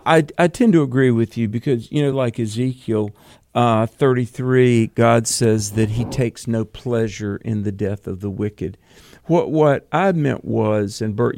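A man co-hosting a Bible call-in radio show, talking earnestly and quickly with plenty of fillers. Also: mid-range voice, darkish tone, no echo, studio quality.

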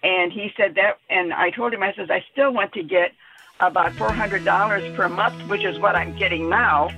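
A woman in her eighties calling a radio advice show, speaking hesitantly with many pauses. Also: mid-range voice, sharp tone, faint music behind. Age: 80s. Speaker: caller. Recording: tinny phone line.

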